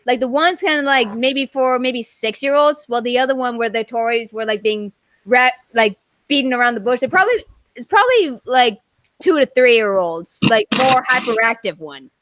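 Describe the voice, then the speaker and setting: A woman co-hosting a podcast who rambles casually and fills her sentences with "like". Her voice is high and swoops around a lot. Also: lively intonation, normal speed, a bit bright, no echo. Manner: rambling, lots of "like". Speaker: podcast co-host.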